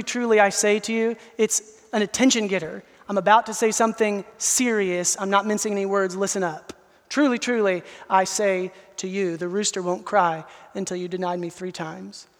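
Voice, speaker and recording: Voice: medium pitch, big-room sound. A pastor preaching an expository sermon, earnest and emphatic, speaking directly to the listeners.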